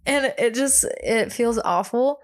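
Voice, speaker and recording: A young woman co-hosting a podcast, telling a story in a casual, animated way, filling it with likes and ums and acting out what people said. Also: fairly high pitch, unhurried. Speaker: podcast co-host.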